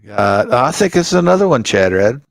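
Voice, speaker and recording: A man speaks in a lively voice that swings up and down, teasing his co-host wryly. The sound is dry and close, with no room around it. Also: medium pitch, moderate pace, creaky, no room sound. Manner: wry, teasing, reading off items. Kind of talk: casual livestream chat.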